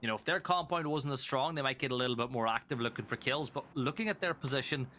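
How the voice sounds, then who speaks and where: Brief: Irish male co-caster, bright forceful tone, measured play-by-play. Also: mid-range voice, a little hiss or hum. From Ireland. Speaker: esports co-caster. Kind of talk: live esports commentary.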